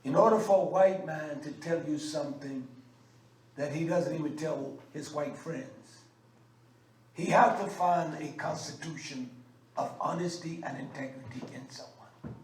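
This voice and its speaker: Male religious teacher, emphatic and scolding; higher voice; roomy echo with faint background noise. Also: unhurried. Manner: emphatic and scolding, with frequent uh fillers. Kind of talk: fiery sermon teaching. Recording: echoey room, mic at a distance, faint background noise.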